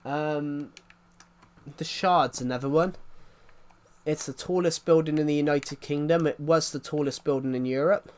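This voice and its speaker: Slightly high in pitch, with fairly even intonation and a moderate pace, this southwest England streamer speaks in a Southwest English accent, rambling casually through his viewers' questions on a live stream.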